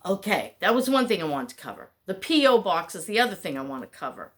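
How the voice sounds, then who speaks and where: A woman's voice: mid-range voice, very animated, quick pace. A middle-aged woman talking to her camera at home, rambling and chatty. She wanders from thought to thought and interrupts herself as she goes. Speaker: vlogger. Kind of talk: casual talking-head chat.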